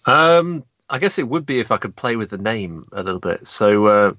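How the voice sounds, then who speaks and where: A man's voice: lowish voice, big pitch swings, moderate pace, bright, forceful tone, dry recording, lo-fi sound. An English man co-hosting a podcast, rambling with lots of fillers and self-deprecating remarks. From England. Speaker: podcast co-host. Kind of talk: casual podcast chat.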